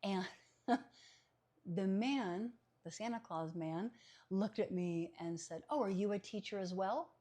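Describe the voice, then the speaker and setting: A woman who works as a psychic medium, telling a story in casual conversation as a podcast guest. She is animated, laughs often and acts out the voices she quotes. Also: mid-range voice, slow.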